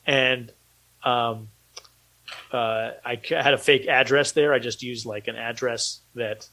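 A man's voice: mid-range voice, steady tone, a little slow, sharp tone, rough recording. A man speaking as an independent filmmaker guest in a casual podcast conversation, rambling with many fillers and a dry, sarcastic humor.

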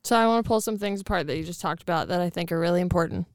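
A woman's voice: fairly low pitch, rapid-fire, no echo, studio quality. A woman in her twenties hosting a casual chat, rambling with many fillers and casual swearing. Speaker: podcast host.

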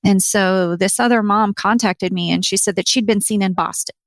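A woman's voice: mid-range voice, steady tone, normal speed, no room sound. A middle-aged woman telling a personal story in an interview, earnest, acting out what people said. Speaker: interview guest.

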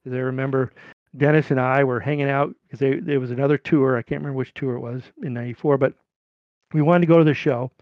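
Gravelly middle-aged man telling a rambling story. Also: mid-range voice, fast talker, dry recording, muffled recording. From California. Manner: rambling, animated when quoting people. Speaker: podcast guest. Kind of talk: casual storytelling.

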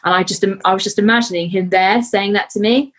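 A young adult woman speaking as a podcast guest, earnest and heartfelt, pausing often to gather her thoughts. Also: mid-range voice, fairly even intonation, fairly bright tone, low-quality recording. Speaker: podcast guest, fitness athlete. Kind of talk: casual interview chat.

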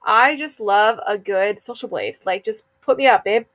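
A young woman, co-hosting a podcast in casual chat, talking fast and laughing often. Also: medium pitch, a bit bright. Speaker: podcast co-host.

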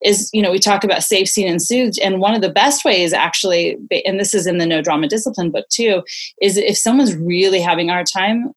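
A woman's voice: mid-range voice, brisk. A woman in her forties, a parenting expert guest, explaining ideas in an earnest, conversational way with many "you know"s.

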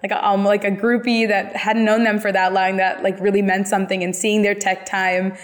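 A woman hosts a casual podcast chat, telling stories in a chatty, rambling way. Her voice sits at an ordinary middle pitch. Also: flat delivery, brisk, in a large hall. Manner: chatty, heavy use of "like" fillers. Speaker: podcast host.

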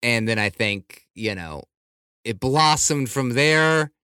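A man's voice: medium pitch, animated, slow, bright, forceful tone, clean tone, dry recording, clean studio sound. A man co-hosting a podcast in casual chat, teasing his partner with sarcastic remarks. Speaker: podcast co-host.

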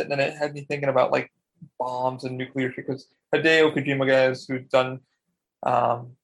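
A young man co-hosting a casual podcast about video games, animated and swearing freely as he acts out quotes. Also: mid-range voice, creaky, rough recording. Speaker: podcast co-host.

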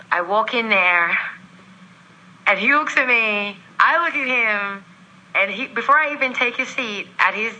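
Bright, animated woman telling a story. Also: mid-range voice, low-quality recording. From Australia. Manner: animated, acts out quoted voices, laughs often. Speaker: guest. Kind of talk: storytelling in a podcast interview.

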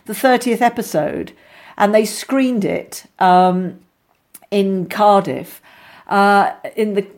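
A middle-aged woman, an actress being interviewed, telling lively anecdotes with many restarts and asides. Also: medium pitch, slow. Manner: chatty, animated storyteller with many restarts.

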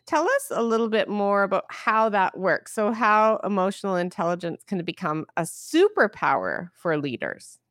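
Smooth-voiced woman host. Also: mid-range voice, very animated, normal speed, few pauses, fairly bright tone, no echo, studio quality. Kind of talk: interview hosting.

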